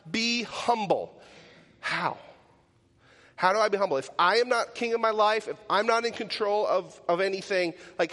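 A man's voice: sits high, fairly bright tone, big-room sound. A male pastor gives a casual, conversational sermon, asking his listeners rhetorical questions and often adding "like" and "right?".

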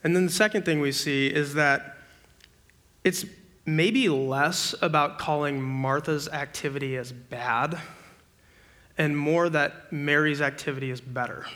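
A young man preaching a sermon to a student ministry, conversational and full of rhetorical questions, acting out everyday scenes with bursts of excitement. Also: a little high, unhurried.

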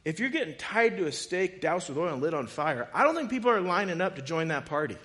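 A man preaching a sermon as pastor, moving from quiet conversational asides to loud, impassioned rhetorical questions. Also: fairly high pitch, big pitch swings, fast, few pauses.

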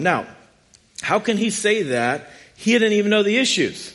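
Male pastor, conversational sermon, slightly high voice, lively swings in pitch. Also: moderate pace. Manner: conversational, animated preaching with frequent "like" asides.

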